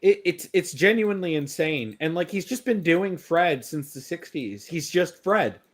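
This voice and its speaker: A man's voice: a little high, animated, normal speed. A young man chatting casually as co-host, joking and laughing often. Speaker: co-host reacting to a review. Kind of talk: casual chat.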